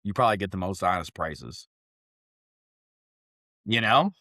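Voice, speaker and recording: Low-voiced young Midwestern podcast host, dry close recording, profane storyteller. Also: male voice, a little slow, dry recording. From Northwest Indiana, Chicago area. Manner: profane, rambling, animated when acting out quotes. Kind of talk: casual podcast chat, storytelling.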